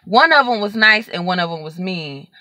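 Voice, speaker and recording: Bright-voiced young woman telling a story. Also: lowish voice, moderate pace, no room sound. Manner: animated retelling with quoted dialogue and many fillers. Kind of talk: casual storytime.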